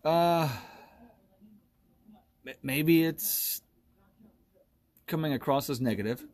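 A man's voice: on the high side, slow pace, a little mellow. A man in his forties hosting a solo podcast, ranting bluntly and with lots of profanity, often laughing at himself. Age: 40s. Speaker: podcast host.

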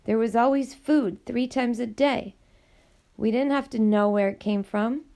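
A woman reading an audiobook, voicing a frightened, hungry young girl on the run, pitched up and pleading, with a gravelly voice. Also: a little slow, dark tone.

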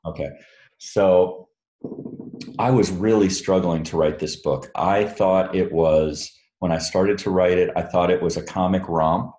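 A man's voice: low-pitched, fairly even intonation, measured pace, dark tone, reverberant. A man, an author, answering audience questions in a loose, rambling, self-deprecating way and laughing often. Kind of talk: casual Q&A talk. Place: room with a live audience.

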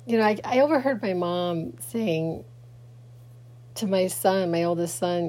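A middle-aged woman talking casually and haltingly to her camera late at night, grieving and rambling with many fillers and restarts. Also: on the low side, sing-song, a little mellow. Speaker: vlogger. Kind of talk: casual personal talk to camera.

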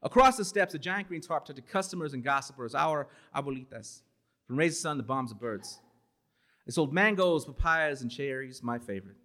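A man's voice: mid-range voice, lively intonation, normal speed, bright, forceful tone. A man in his forties from Los Angeles performing spoken word poetry at a bookstore event, with emphatic, dramatic delivery and Spanish words mixed in. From Los Angeles, USA.

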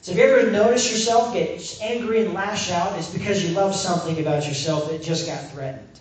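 High-voiced preacher man in an echoey room. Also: a little fast. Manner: storytelling, acts out quotes with a raised voice. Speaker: campus minister. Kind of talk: sermon.

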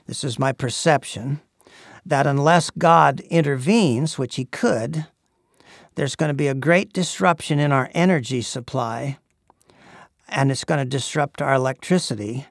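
A man preaching a sermon in an earnest, measured way, pausing often with "uh". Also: mid-range voice, creaky, no echo, studio quality. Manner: earnest, measured, with frequent "uh" pauses.

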